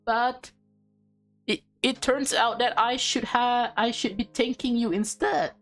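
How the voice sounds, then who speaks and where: A woman voicing a tearful teenage girl in a game who speaks haltingly, choked up. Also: on the high side, fairly even intonation, faint music behind, voice pushed up, natural voice.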